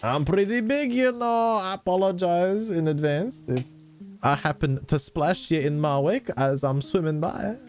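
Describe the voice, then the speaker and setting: A man's voice: sits high, measured pace, a little mellow, faint music behind, pitched above the performer's own voice. A man voicing a huge, friendly, laid-back sea legend in a game, with an easygoing folksy drawl and polite manners. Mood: apologetic.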